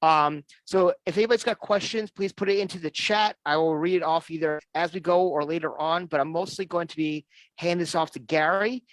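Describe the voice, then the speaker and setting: A man's voice: fairly high pitch, fairly even intonation, brisk, no room sound. A man hosting an online fan show, chatting casually and enthusiastically, often restarting his sentences. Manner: rambling, enthusiastic, with frequent restarts. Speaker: host of a fan-group show.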